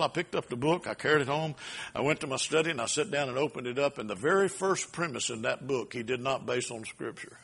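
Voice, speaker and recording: A man preaching a sermon, building to loud emphatic peaks and dropping low again. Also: creaky, breathy edge. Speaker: pastor.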